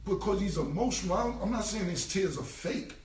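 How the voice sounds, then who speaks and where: A man's voice: sits high, lively intonation, fairly quick, a little mellow, echoey room, distant mic. A man, talking bluntly and repetitively in a casual live-stream rant. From United States. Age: 40s. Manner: blunt, repetitive street talk. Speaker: rapper.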